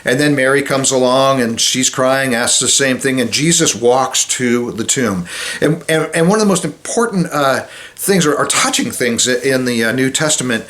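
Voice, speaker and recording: Male chaplain, mid-pitched voice, casual devotional talk, halting and conversational, acts out Bible quotes. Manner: conversational, with many restarts and fillers; acts out Bible quotes, drops soft and low at solemn moments.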